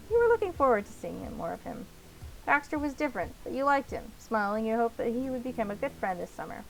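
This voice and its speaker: A woman's voice: a little high, vocal fry, poor audio. A woman reading a visual novel aloud as a let's play narrator, in the second person.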